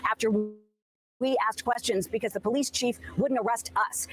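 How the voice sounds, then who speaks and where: A news reporter giving a brisk on-the-spot broadcast report. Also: medium pitch.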